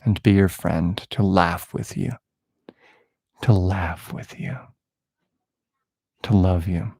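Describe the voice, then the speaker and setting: A man's voice: low-pitched, steady tone, takes it slowly, darkish tone, dry recording, clean studio sound. A man hosting a spiritual podcast, improvising a prophetic prayer over a listener in a playful, affectionate and rambling way that mocks himself.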